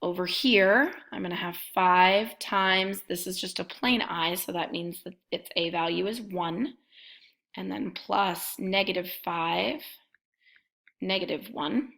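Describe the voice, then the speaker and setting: A woman's voice: on the low side, slow, vocal fry, fairly bright tone. A woman math instructor giving a recorded lecture, methodically talking through each step as she writes it out.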